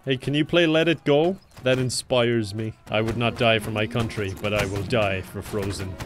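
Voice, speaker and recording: A man chatting and joking while playing an online game with friends, laughing often and getting excitable. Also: lowish voice, moderate pace, music in the background. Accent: Irish. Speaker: gaming YouTuber. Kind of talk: casual gameplay banter.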